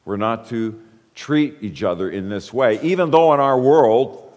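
A man's voice: medium pitch, a little slow, a little mellow. A man preaching a sermon, explaining scripture and stressing quoted words. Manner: explanatory, emphatic when quoting scripture. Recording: hall reverb.

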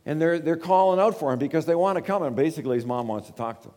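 A man's voice: a little high, sing-song, brisk. A man, preaching a sermon as a pastor, earnest and repeating words as he builds each point. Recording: long reverb of a large hall.

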